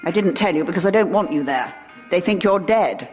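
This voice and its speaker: A woman's voice: fairly low pitch, expressive, fairly quick, over loud music. A woman playing a mother in a sitcom, talking in a blunt, cutting way.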